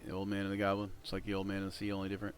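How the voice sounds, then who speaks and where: A man running a tabletop game as game master, narrating in a relaxed, halting way with frequent pauses. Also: low-pitched, crowd noise. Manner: relaxed, halting, with many ums.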